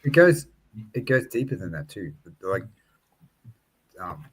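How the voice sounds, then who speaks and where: A man's voice: low-pitched, big pitch swings, slow, breathy edge. A man in casual book-discussion chat, earnest and reflective, with many filler words.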